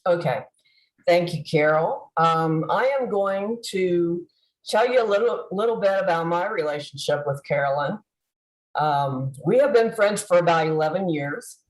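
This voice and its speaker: A woman giving a heartfelt tribute over a video call, halting with fillers and restarts. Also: lowish voice, lively intonation, reverberant, poor audio. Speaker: convention presenter.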